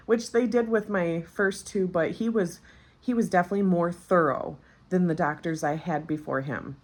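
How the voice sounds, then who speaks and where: Vlogger, woman in her 30s, low voice, candid and chatty, fresh from childbirth. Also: normal speed. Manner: candid, chatty, frequent fillers. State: recently postpartum. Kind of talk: casual storytelling.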